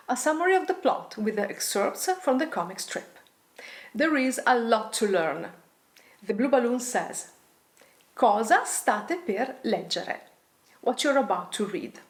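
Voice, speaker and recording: Lively woman teaching. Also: mid-range voice. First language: Italian. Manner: reads examples aloud, then translates and explains them. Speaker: Italian language teacher. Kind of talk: explanatory lesson.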